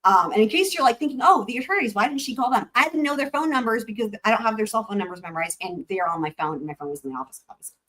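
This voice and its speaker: A woman's voice: mid-range voice, expressive, very fast, fairly bright tone. Chatty woman telling a story on a livestream. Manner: chatty, swears, addresses viewers, reads chat aloud. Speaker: livestream host.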